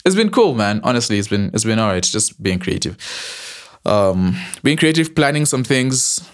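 A man's voice: on the low side, very animated, normal speed. A man co-hosting a podcast in casual chat, teasing his co-host with joking mock offense.

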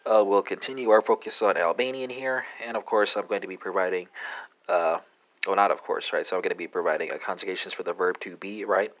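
A man hosting a language lesson podcast, talking through verb forms with lots of "uh" pauses and a habitual "right?", spelling words out letter by letter. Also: deep voice, fairly even intonation, a bit bright. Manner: halting, many "uh" fillers and tag "right?". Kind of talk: casual spoken language lesson.

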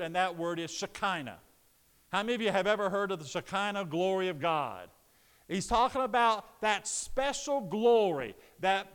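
A man preaching a sermon to his congregation, moving from calm teaching into loud, emphatic preaching. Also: sits high, clean tone. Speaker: pastor. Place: church sanctuary. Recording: long reverb of a church hall.

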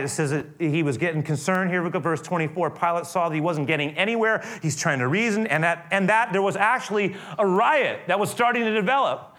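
High-voiced guy preaching, dramatic storyteller, gets loud then drops way down. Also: a little fast, few pauses. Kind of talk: sermon.

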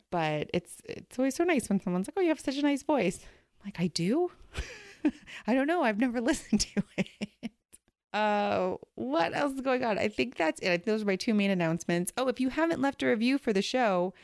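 A woman's voice: lowish voice, darkish tone, dry recording, studio quality. A woman hosting a podcast in casual, upbeat chat, her voice stuffed up from a summer cold. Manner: upbeat, chatty, laughs often. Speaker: podcast host.

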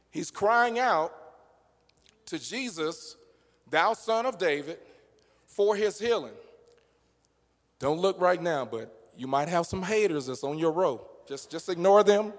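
A sermon is delivered by a man whose voice is high-pitched, echoing with the long reverb of a church sanctuary. He alternates between easygoing conversation and passionate, climbing shouts.

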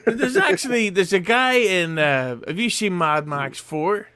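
A man's voice: sits high, animated, unhurried, pushed and bright, smooth. A man co-hosting a casual podcast over a video call, teasing the others with crude shock humor.

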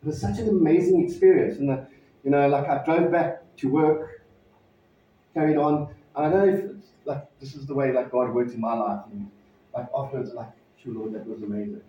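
A pastor telling a personal story in a sermon, conversational and halting, with frequent restarts. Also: male voice, mid-range voice, slight background noise. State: emotional, near tears. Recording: distant mic in echoey hall, dull sound.

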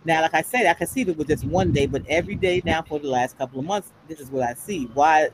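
This podcast panelist talks fast in a deep voice, animatedly recounting stories in casual conversation and imitating the people she quotes. There's background noise throughout.

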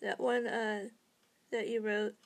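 A woman's voice: mid-range voice, little pitch movement, slow pace, vocal fry. A woman hosting a casual interview, asking easygoing questions with small hesitations. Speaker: interview host.

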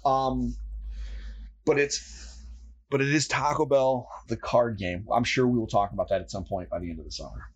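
A man co-hosting a family board game podcast, chatting casually with rambling, animated asides. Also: medium pitch, moderate pace, breathy edge, lo-fi sound. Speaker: podcast co-host. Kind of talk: casual chat.

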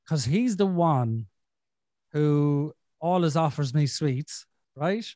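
A man's voice: fairly high pitch, darkish tone, dry recording, clean studio sound. A man hosting a podcast in casual chat, blunt and sweary with a self-deprecating streak. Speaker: podcast host.

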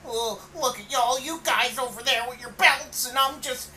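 A man putting on the voice of a whiny, childish male wrestler in a mocking high tone. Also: normal speed, bright, forceful tone, recorded from a distance, a little hiss or hum, exaggerated voice, poor audio. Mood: mocking whine.

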